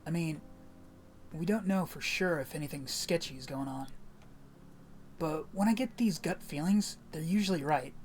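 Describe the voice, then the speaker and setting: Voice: mid-range voice, normal speed, long pauses, a little mellow, slight background noise, lightly acted. A streamer voicing a hot-headed teenage boy, a former athlete, in blunt, slangy talk with mild cursing, as a fan reading of game dialogue. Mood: confiding.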